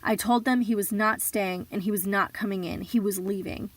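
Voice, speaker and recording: A woman reading a survivor's memoir aloud in an earnest, measured storytelling voice. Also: medium pitch, fairly even intonation, no room sound. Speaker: reader of survivor stories.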